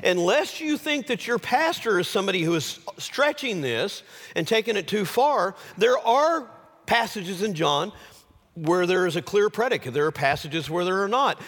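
Animated preacher in a reverberant hall. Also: male voice. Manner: dramatic swings from loud exclamation to hushed low delivery. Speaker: pastor. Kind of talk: sermon.

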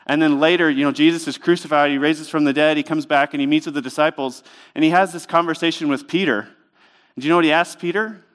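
A man's voice: a little high, fairly even intonation, fast, a bit bright. A man preaching a sermon in a church, speaking in a conversational, emphatic way with lots of rhetorical questions. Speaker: pastor.

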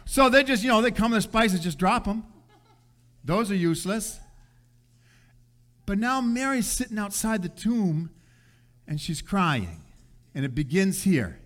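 A pastor preaching a sermon in a casual, conversational way, using everyday slang and acting out the people in the story. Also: male voice, sits high, sing-song, normal speed, pushed and bright. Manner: acts out voices of people in the story.

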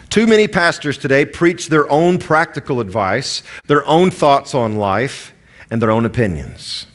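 Animated Southern American preacher man. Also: mid-range voice, unhurried. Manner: animated, conversational preaching with asides. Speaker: pastor. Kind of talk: sermon.

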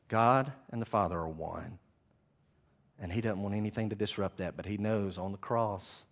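A man preaching a sermon as pastor, swinging from loud impassioned passages to soft hushed ones, with self-deprecating asides as he reads from his notes. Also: fairly low pitch, normal speed.

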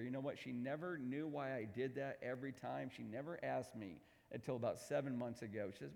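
A middle-aged man preaching a sermon as pastor, emphatic, swinging between loud declarations and hushed asides. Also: medium pitch, brisk, creaky. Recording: long hall reverb.

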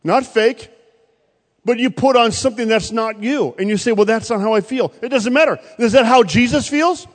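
A male pastor preaching a sermon, swinging from loud bursts to quiet, pointed asides. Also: very high voice, moderate pace. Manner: preaching with sudden loud rises and quiet drops. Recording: long hall reverb.

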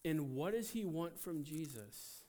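A man preaching a sermon as pastor, emphatic and animated, swinging between loud outbursts and quiet asides. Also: on the high side, measured pace. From United States.

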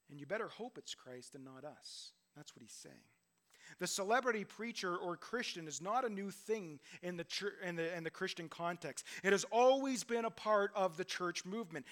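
A man's voice: high-pitched, a bit bright. A man pastor preaching a sermon in a conversational way, with self-deprecating asides and emphatic repetition.

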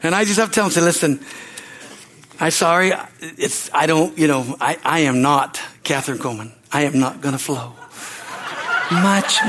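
This older man, in his sixties, delivers a sermon as pastor with a homespun, repetitive style, sharing anecdotes with laughter and checking in with "Amen?" His voice runs high, with a fairly bright tone and a breathy edge.

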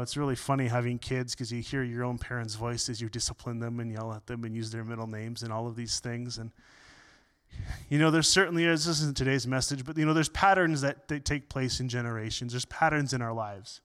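A man preaching a sermon as pastor, earnest, often repeating words and swinging between loud and soft. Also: medium pitch, clear, resonant tone.

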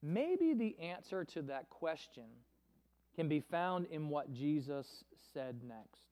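A man preaching a sermon in an earnest, measured way, now and then acting out quoted voices with feeling. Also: on the high side, sing-song, mellow. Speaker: pastor.

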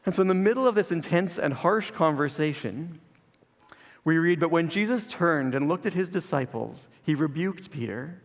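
A man's voice: on the high side, lively intonation, moderate pace, long reverb tail. A man preaching a sermon as pastor, earnest and building through repeated phrases.

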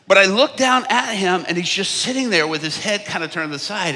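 A man preaching a sermon from a stage, telling a story and acting out what people said, often getting much louder. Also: sits high, brisk, creaky, few pauses. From United States. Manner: animated, acts out quotes with big swings in loudness. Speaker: evangelist preacher. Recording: long hall reverb.

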